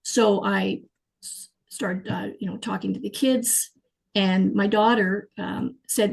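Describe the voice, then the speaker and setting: A middle-aged woman, telling her life story as an interview guest in an animated, emotional way. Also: medium pitch, moderate pace, vocal fry, slightly rough, low-quality recording. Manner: animated, emotional, frequent fillers and restarts. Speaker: guest, clairvoyant healer.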